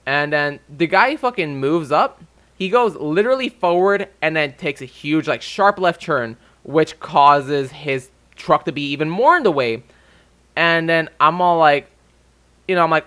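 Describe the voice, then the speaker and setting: A man's voice: fairly high pitch, lively intonation, moderate pace, pushed and bright. A young man ranting casually to his viewers, swearing freely and getting heated. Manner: profane and heated. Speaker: vlogger. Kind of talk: casual rant.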